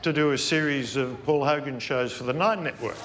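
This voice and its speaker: An Australian man, a former colleague, giving a relaxed, matey and joking recorded tribute. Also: medium pitch, a little fast, background noise.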